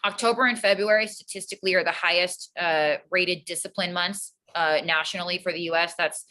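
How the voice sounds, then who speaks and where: A woman teacher with an earnest, calm manner, explaining her classroom routines in a casual interview. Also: on the low side, brisk, rough recording. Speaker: teacher, guest.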